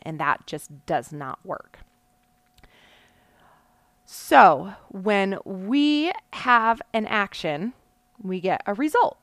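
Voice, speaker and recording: A woman's voice: mid-range voice, fairly bright tone, no room sound. Earnest woman coach, dry close mic. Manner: earnest and explanatory, often checking in with "right?". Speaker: mindset coach. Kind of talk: motivational teaching talk.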